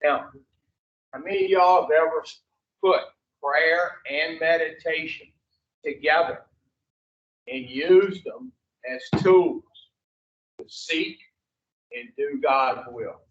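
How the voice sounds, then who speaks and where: A man with a fairly high voice talks slowly and pauses often while teaching an addiction recovery class. He is blunt and profane, questioning the group and drawing their answers back. The sound is dull lo-fi, far from the mic, in an echoey room.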